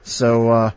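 A man's voice: mid-range voice, lo-fi sound. A man hosting a podcast, chatty, laughing often and stumbling over fillers as he introduces contributors. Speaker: podcast host.

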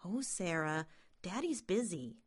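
A woman voicing a gentle young mother calming her little daughter. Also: lowish voice, unhurried, slightly rough. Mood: soothing. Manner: gentle, soothing. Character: soothing young mother coaxing her child.

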